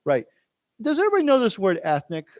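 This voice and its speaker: A man's voice: high voice, huge pitch swings, quick pace, darkish tone. An American man teaching English, who explains words patiently and drills his class in a library lecture room. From United States.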